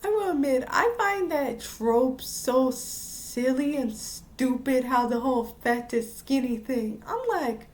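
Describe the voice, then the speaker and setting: A woman recaps an anime episode in a casual, rambling way, stopping mid-word and starting over. Her voice is high and mellow, and she speaks at an unhurried pace. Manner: rambling with frequent restarts and laughs. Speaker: anime reviewer.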